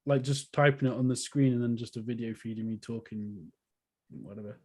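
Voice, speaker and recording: A man's voice: mid-range voice, brisk, darkish tone, husky. A man from the UK chatting casually in a group video call, rambling and laughing often as he talks about his story. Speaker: author reading his story.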